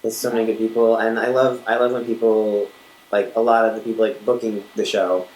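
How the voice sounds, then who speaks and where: Chatty podcast host, roomy sound. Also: female voice, rumbling low, level tone, a little fast, darkish tone. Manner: chatty, rambling with fillers. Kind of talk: casual chat. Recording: roomy with faint hiss.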